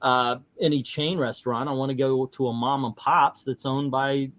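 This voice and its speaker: A man's voice: mid-range voice, fairly even intonation, moderate pace, fairly bright tone. A man hosting a casual livestream, telling rambling stories and laughing often. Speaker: livestream host.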